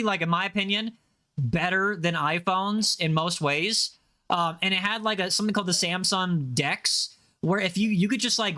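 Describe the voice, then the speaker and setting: A young man in his twenties with an American accent, chatting casually with his livestream audience, slangy and full of quick self-corrections. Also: sits high, pushed and bright. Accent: General American. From United States. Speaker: livestreamer reading chat.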